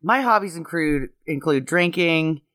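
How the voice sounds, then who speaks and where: A man's voice: a little high, animated, a little slow, pushed and bright. A man on a podcast, joking about himself in a casual chat.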